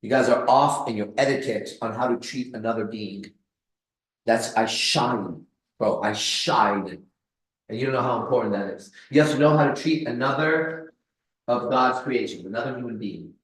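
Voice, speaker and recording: Boastful, profane man in an echoey room. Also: brisk. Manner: boastful, profane, swings between low mutters and loud bursts. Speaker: pickup coach host. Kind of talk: casual live stream chat. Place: kitchen.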